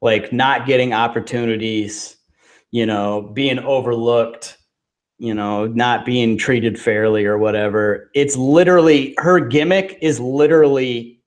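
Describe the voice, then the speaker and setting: Man ranting fast in casual podcast. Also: mid-range voice, steady tone. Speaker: podcast co-host. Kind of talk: casual wrestling chat.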